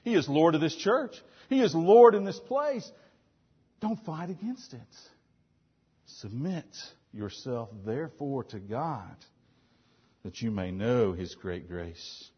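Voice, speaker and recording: Male pastor, 30s, sermon delivery: husky, slightly high voice, big swings between booming and hushed lines, dull lo-fi church recording. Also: lively intonation, slow pace. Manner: emphatic, swings between loud declarations and quiet asides.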